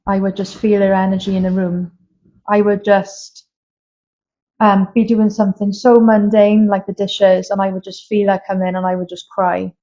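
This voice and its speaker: A woman's voice: medium pitch, level tone, normal speed, dark tone. Woman telling candid personal stories. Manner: candid, emotional storytelling. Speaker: guest medium. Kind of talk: casual interview conversation. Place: castle room, filmed live. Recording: slightly dull lo-fi sound.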